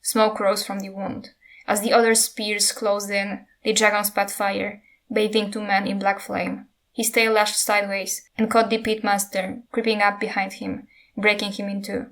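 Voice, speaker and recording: A woman narrating a passage from a fantasy novel in a steady, even storytelling manner. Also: medium pitch, normal speed. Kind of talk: reading a novel aloud.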